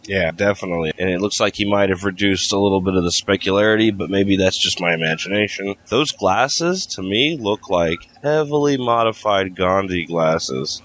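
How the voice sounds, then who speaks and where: A man with a somewhat low voice talks casually on a hobby podcast panel, tossing in jokes and quips. Faint noise sits under the voice. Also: moderate pace, few pauses, a bit bright, poor audio. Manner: joking, chatty. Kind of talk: casual group chat.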